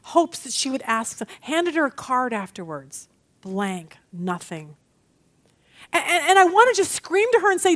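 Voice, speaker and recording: A middle-aged woman teaching a women's Bible study, chatty and animated, telling stories against herself. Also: high-pitched, moderate pace. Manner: animated, chatty, self-deprecating storytelling.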